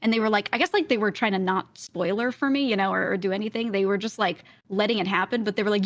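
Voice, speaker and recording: A young woman with a light Brooklyn accent, a streamer telling a long story in casual interview chat, full of fillers and quick laughs. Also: mid-range voice, no echo. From Brooklyn, New York. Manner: chatty storytelling, often laughing, many fillers. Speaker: streamer and roleplayer, interview guest.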